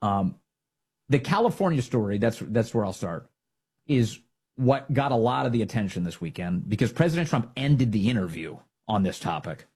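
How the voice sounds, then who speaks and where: A man's voice: on the low side, animated, moderate pace, a little mellow, slightly rough. A man hosting a political commentary show, talking in a sarcastic, mocking and indignant way.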